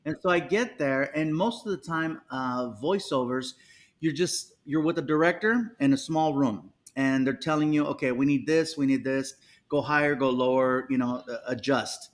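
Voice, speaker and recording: A man's voice: medium pitch, moderate pace. A man, a comedian guest, telling stories in a casual interview and acting out the people he quotes. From United States. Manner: animated, acts out quotes with voices.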